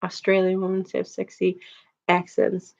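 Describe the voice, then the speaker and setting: A woman's voice: fairly low pitch, monotone, a little slow, vocal fry, a little mellow, lo-fi sound. Giggly woman chatting on a stream. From Chicago, USA. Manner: giggly, laughs often, chatty filler words. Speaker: livestream host. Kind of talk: casual chat reading viewer comments.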